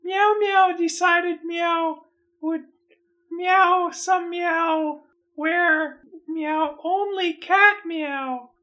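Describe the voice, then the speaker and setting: A man's voice: very high-pitched, steady tone, drawn-out words, pushed and bright, voice pushed up, full character voice. A man voicing an insecure female puppet cat who whines and works meows into every sentence. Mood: pleading.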